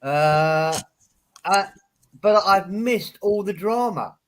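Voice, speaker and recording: A man's voice: sits high, slow. A man in a casual chat, speaking in a wry, understated way. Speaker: podcast co-host.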